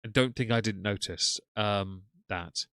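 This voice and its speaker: A man's voice: fairly low pitch, unhurried, sharp tone, clear, resonant tone, no room sound. A man giving sardonic, mocking live-stream commentary to his chat from a home desk microphone. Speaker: streamer reacting to clips. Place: home room.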